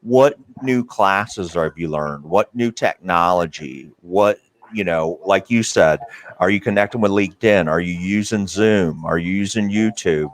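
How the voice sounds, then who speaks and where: A man's voice: deep voice, a little slow, dry recording. A man hosting an interview about careers, talking earnestly with many fillers and restarts. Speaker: podcast host. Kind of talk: interview conversation.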